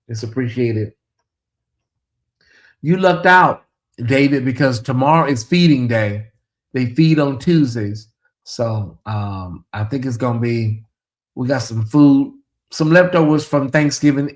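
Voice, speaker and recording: A man hosting a casual late-night livestream in a chatty, drawling way, reading viewer comments aloud and talking to the audience as "y'all". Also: mid-range voice. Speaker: livestream host.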